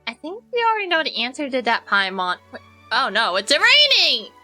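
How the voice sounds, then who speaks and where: A woman's voice: high voice, wildly swooping pitch, fairly quick, bright, forceful tone, faint music behind. A young woman streaming a game, chatting in a rambling, jokey way and answering her chat. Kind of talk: casual gameplay commentary.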